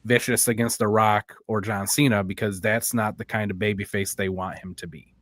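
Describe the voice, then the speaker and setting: A man co-hosting a wrestling podcast, calmly explaining his analysis. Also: fairly low pitch, no echo, studio quality. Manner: measured, explanatory. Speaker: podcast co-host.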